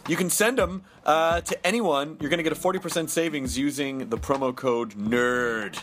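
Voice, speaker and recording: A man's voice: a little high, moderate pace, fairly bright tone, slight background noise. A man in his thirties hosting a podcast, chatting casually and reading ads in a jokey, rambling way. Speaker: podcast host. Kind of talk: casual chat with ad reads. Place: New York studio.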